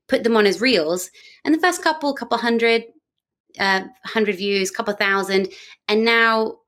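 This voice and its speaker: Chatty young British woman. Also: mid-range voice. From Britain. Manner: animated storyteller, breezy and self-mocking. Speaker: guest. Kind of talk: casual podcast chat.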